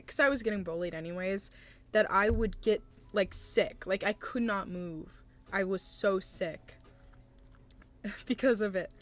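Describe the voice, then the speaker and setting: A young woman streaming live, talking casually and gently to her chat, hesitant and supportive with many fillers. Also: mid-range voice. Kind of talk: casual live-stream chat, reading and answering viewer messages.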